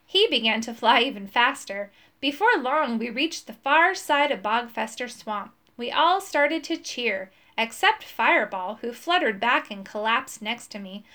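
A woman's voice: on the high side, lively intonation, a little slow, hardly any pauses, bright, forceful tone. Woman reading a children's story aloud. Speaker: storybook reader.

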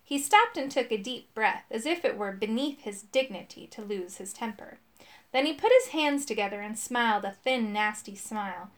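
A woman narrates a children's chapter book aloud. Her reading is clear and steady, and her voice sits a little high. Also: moderate pace. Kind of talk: audiobook storybook reading.

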